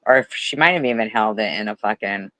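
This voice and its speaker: A man's voice: on the low side, a little fast, a bit bright, dry recording, low-quality recording. A man giving profane reaction commentary in a sarcastic, mocking way. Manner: sarcastic, mocking, swears often. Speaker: commentary host.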